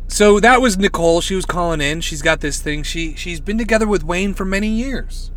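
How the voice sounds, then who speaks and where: Dude doing a rambly deadpan podcast bit from his parked car, highish bright voice. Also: fairly quick, a little hiss or hum. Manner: rambling, deadpan, with asides to listeners. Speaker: podcast host. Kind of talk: casual comedic monologue.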